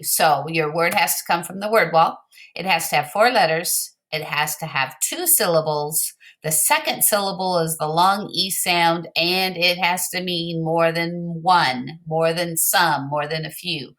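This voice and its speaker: A woman teacher giving slow, clear, patient instructions to young pupils in a recorded word game lesson. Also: lowish voice, a bit bright.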